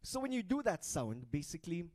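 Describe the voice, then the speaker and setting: A man's voice: sits high, sing-song, a little fast, a little mellow. A man hosting a live event on stage, playfully teasing and coaxing the audience into group activities over a handheld mic. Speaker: event host.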